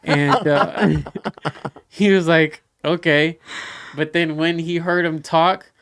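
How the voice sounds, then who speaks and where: A man from the States, hosting a casual podcast interview, telling animated stories and acting out quoted dialogue. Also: on the high side, slow, clean tone, no echo, clean studio sound. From Southern United States. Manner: asks probing follow-up questions. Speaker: podcast host.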